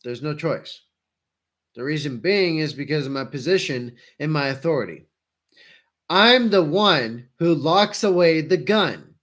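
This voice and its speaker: A man giving rambling, halting commentary full of fillers. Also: a little high. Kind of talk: casual reaction commentary.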